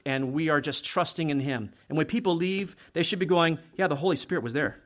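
Middle-aged guy preaching, kinda high voice, keeps saying right? like he's just talking with folks. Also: brisk, few pauses. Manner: conversational, frequent "right?" tag questions. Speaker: pastor. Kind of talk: sermon.

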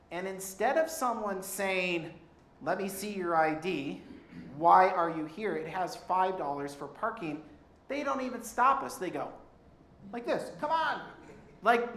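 A man preaching a sermon, telling a travel story in a conversational, animated way with occasional laughs. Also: fairly high pitch. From Colorado. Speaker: pastor. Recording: roomy hall sound with faint background noise.

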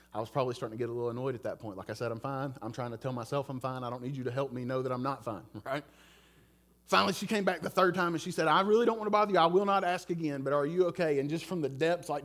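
A man's voice: medium pitch, fairly bright tone. A middle-aged man, preaching a sermon in a conversational, earnest way, telling a personal story and asking listeners direct questions. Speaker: pastor.

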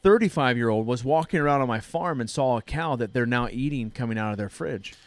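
A man's voice: mid-range voice, expressive, brisk, dry recording. A man in his thirties hosting a church podcast, telling a story in a casual, earnest way. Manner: earnest storytelling, frequent restarts. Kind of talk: casual chat.

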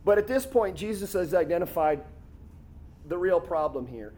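Animated high-voiced male preacher. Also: moderate pace, a little hiss or hum. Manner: animated, conversational preaching with laughs and quoted voices. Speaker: pastor. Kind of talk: sermon.

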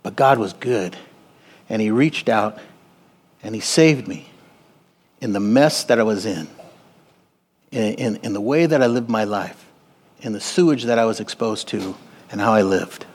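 A man preaching a sermon in a church, animated, swinging between quiet and loud and calling on the congregation. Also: on the low side, measured pace, pauses often. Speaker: pastor. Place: church sanctuary.

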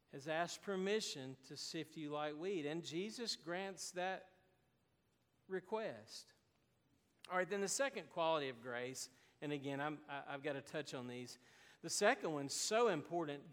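High-voiced male pastor preaching. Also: fairly bright tone, big-room sound. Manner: earnest preaching, rising to emphatic declarations. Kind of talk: sermon.

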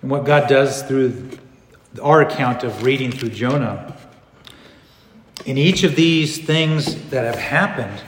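A man preaching a sermon as pastor, animated, swinging between loud bursts and hushed passages. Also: mid-range voice, a little hiss or hum. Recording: echoey hall.

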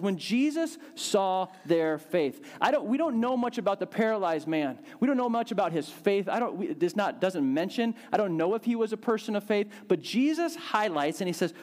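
A man preaching a sermon, telling a Bible story in a lively way and acting out the quotes with big swings in his voice. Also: high-pitched. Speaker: pastor.

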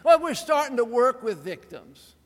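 High-voiced male preacher in a reverberant hall. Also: moderate pace. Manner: animated, dramatic, with wry humorous asides. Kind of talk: sermon. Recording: long reverb of a large hall.

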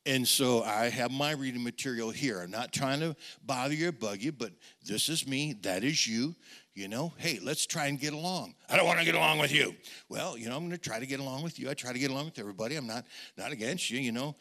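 Bright-voiced preacher telling a story. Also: male voice, mid-range voice, a little fast. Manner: animated, repeats words, talks to the congregation. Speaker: pastor. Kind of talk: storytelling sermon.

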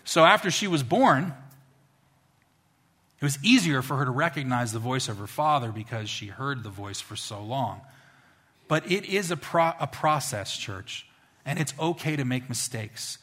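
Guy preaching a sermon, bright voice, chatty and animated. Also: medium pitch, normal speed, slightly rough. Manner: animated, conversational storytelling. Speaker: pastor.

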